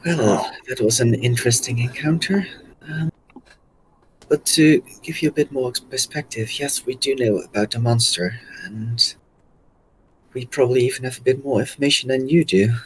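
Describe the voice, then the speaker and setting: A man playing a tabletop game, speaking in character in a polite, measured and diplomatic way. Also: medium pitch, slight background noise, poor audio. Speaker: player. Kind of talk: in-character role-play.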